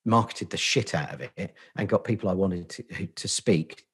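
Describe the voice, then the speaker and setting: A man's voice: low-pitched, moderate pace, a bit bright, breathy edge. A middle-aged man with a Portsmouth accent, a podcast guest talking casually in a sweary, self-deprecating, joking way. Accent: Portsmouth English. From Portsmouth, England. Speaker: podcast guest, agency founder. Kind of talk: casual interview chat.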